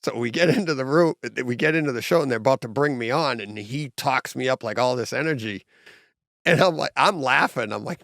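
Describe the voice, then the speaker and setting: A man's voice: mid-range voice, a little fast, vocal fry, fairly bright tone, no room sound, studio quality. A man hosting a podcast in casual chat, enthusiastic, laughing often and acting out quotes. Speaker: podcast host.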